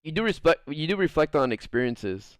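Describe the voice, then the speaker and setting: A man's voice: on the high side, sing-song, a little fast, smooth, no echo, studio quality. A man chatting casually on a stream, rambling with crude jokes and lots of fillers. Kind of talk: casual chat.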